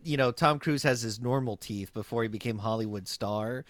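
A man on a podcast talking through a movie in a relaxed, joking way, sighing and trailing off now and then. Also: medium pitch, moderate pace. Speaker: podcast co-host. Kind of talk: casual movie recap chat.

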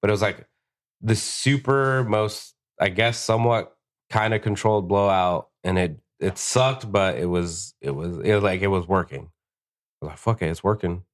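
Man, deep low voice, tattoo artist guest, casual storytelling, heavy swearing, acts out dialogue. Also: normal speed. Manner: profane, animated, acts out quotes.

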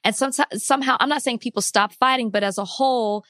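A woman's voice: fairly high pitch, fast, a bit bright, dry recording. Earnest woman co-host, impassioned, laughs easily, dry close sound. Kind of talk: casual discussion.

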